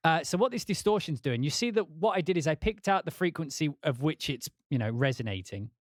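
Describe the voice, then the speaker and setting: A man's voice: a little high, lively intonation, fairly quick, background noise. A man casually talking through his music production on a livestream, rambling and thinking aloud, with casual swearing. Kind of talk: casual livestream talk while working.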